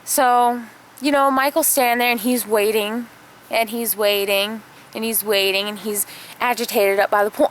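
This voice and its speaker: A woman's voice: fairly high pitch, steady tone, moderate pace, a little hiss or hum. A woman vlogger telling a family story in a chatty, casual way, full of fillers and acted-out quotes.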